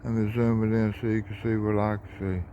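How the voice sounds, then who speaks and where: A man, talking casually in a flat, monotone way while filming trains outdoors on a phone. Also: lowish voice, brisk, lo-fi sound, slight background noise. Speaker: railfan vlogger. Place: outdoors by railroad tracks at dusk.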